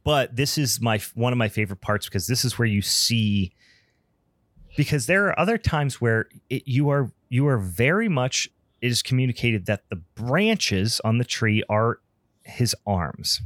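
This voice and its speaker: A man's voice: medium pitch, expressive, normal speed, fairly bright tone, dry recording, clean studio sound. A man co-hosting a podcast, retelling movie scenes in a casual, sarcastic way and laughing often. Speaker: podcast co-host. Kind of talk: casual film review chat.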